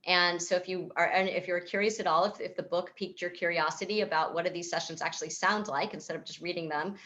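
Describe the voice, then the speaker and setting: A woman psychotherapist with a fairly low voice speaks over a video call. She explains ideas thoughtfully, circling back and restarting her sentences as she goes. Her talk comes across as calm and considered. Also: quick pace. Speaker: psychotherapist and author. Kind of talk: virtual event talk, answering a host's questions.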